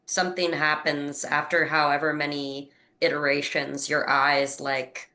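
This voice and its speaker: A woman's voice: deep voice, little pitch movement, measured pace, bright, forceful tone. A woman player in a tabletop worldbuilding session, musing aloud and asking questions. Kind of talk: collaborative worldbuilding discussion.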